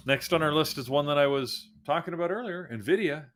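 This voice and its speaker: A man's voice: a little high, fairly quick. Man talking through stock charts. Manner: relaxed, thinking aloud with fillers. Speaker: trading show host. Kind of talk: live market commentary.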